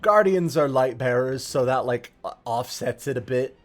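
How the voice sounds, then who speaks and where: A man streaming a joking, profane recap of a video game's story, in a lively, animated way. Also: mid-range voice, moderate pace. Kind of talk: comedic game-lore recap.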